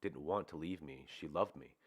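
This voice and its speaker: A man reading the part of a troubled young man under hypnosis, in a halting, hushed way. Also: rumbling low, slightly rough. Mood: tearful.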